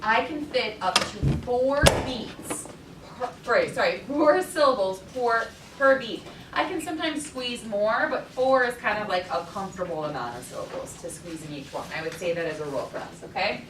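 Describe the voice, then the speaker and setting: A woman's voice: mid-range voice, normal speed. Woman teaching rhythm in an echoey classroom. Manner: energetic, rhythmic chanting of beats. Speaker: teaching artist. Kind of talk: classroom lesson. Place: school classroom. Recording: echoey classroom, far from the mic, noisy.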